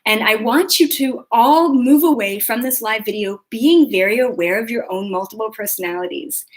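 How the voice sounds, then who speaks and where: A young adult woman hosts a spiritual live video as a podcast host, her voice a little high and her pace normal. She talks casually with many fillers and acts out her own thoughts as quotes.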